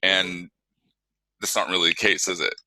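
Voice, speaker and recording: A male podcast host with a very low voice and a sharp, forceful tone. He asks his guests questions hesitantly, circling back as he searches for the words, in a dry-sounding recording. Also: level tone, normal speed, no room sound. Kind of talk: interview questions.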